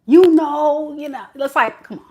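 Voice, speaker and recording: A woman's voice: sits high, normal speed, mellow. A woman giving a casual tarot reading to camera, talking in a sassy, slangy way and laughing often. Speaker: tarot reader.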